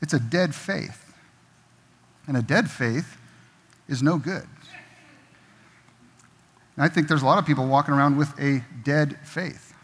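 A middle-aged man preaching in a church, relaxed and jokey, now and then slipping into other people's voices. His voice sits a bit high for a man, and a long reverb trails his words through the hall. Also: a little slow, long pauses, husky. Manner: conversational, jokey, acts out quoted voices. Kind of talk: sermon. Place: church sanctuary.

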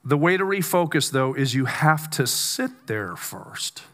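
A man preaching a conversational sermon, with stammered restarts and slow, weighty emphasis on key words. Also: fairly high pitch, very animated, sharp tone. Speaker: pastor.

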